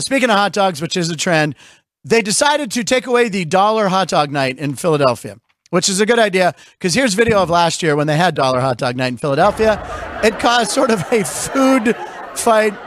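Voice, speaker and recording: A man hosting a casual sports talk show, chatty and jokey with quick asides. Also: sits high, fairly bright tone, slight background noise. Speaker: host.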